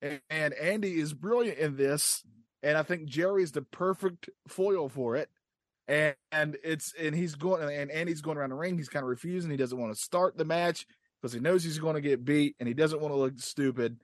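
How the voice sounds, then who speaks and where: A man's voice: on the high side, normal speed, no room sound. A man co-hosting a podcast, eagerly retelling a story in casual chat with frequent fillers. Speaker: podcast co-host.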